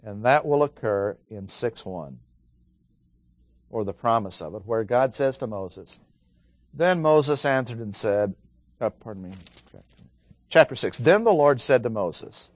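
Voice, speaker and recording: Very animated and at a moderate pace, a medium-pitched man teaches Bible study in a casual way. He asks his audience questions and reads passages with emphasis, and the recording is dry.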